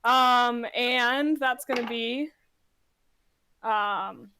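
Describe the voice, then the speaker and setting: A woman's voice: on the high side, very slow, bright, forceful tone, a little hiss or hum. A woman playing a tabletop game, flustered and apologetic. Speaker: player. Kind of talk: casual tabletop game play.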